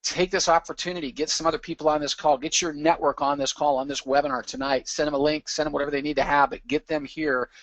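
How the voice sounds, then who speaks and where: A man hosting a live online webinar, greeting people one by one in an energetic, chatty way with quick asides. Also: on the high side, no room sound. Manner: energetic, chatty, reads names aloud with quick asides and laughs. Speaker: webinar host. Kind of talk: upbeat live webinar roll call.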